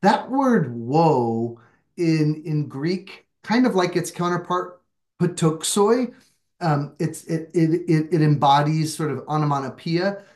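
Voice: medium pitch, lively intonation, slow, a little mellow. A Bible study leader talks through the text on a video call. The delivery is reflective and searching, with a self-deprecating streak. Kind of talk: leading a group discussion.

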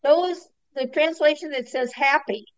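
A woman's voice: high-pitched, a little slow, no room sound. A woman in a study group on a video call, asking questions in an inquisitive way.

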